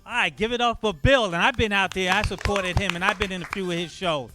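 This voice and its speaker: A man's voice: sits high, quick pace. A male comedy show host bringing acts to the stage with upbeat emcee hype. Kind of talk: hosting and introducing acts. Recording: voice under loud music.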